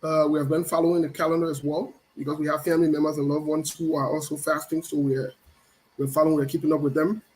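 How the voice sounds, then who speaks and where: A man's voice: fairly high pitch, flat delivery, fast talker, darkish tone, rough recording. A middle-aged man hosts a casual live stream, greeting viewers by name in a playful, teasing way and repeating his phrases. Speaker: show host.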